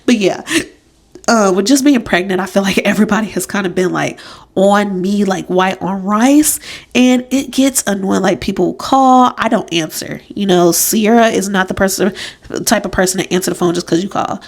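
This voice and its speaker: A woman's voice: medium pitch, moderate pace, gravelly. A young woman hosting a casual solo podcast from a room in her home, chatty and emphatic, laughing at herself. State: pregnant. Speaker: podcast host.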